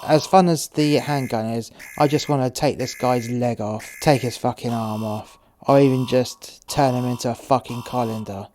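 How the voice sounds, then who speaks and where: A foul-mouthed cartel courier, acted by a man, narrates his story in a sardonic, profane way at a mid pitch. The audio drama recording is noisy. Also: steady tone, normal speed, few pauses, a little mellow, lightly acted.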